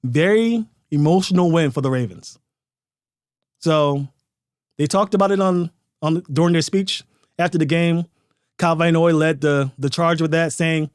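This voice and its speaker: A man's voice: fairly high pitch, moderate pace, pauses often, clean tone, no room sound, studio quality. A man hosting a sports podcast, giving emphatic, opinionated commentary full of rhetorical questions.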